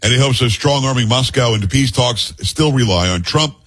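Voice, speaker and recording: A man's voice: medium pitch, brisk, fairly bright tone, slightly rough. A man hosting a talk radio show, reading news stories aloud and breaking in with blunt personal opinions.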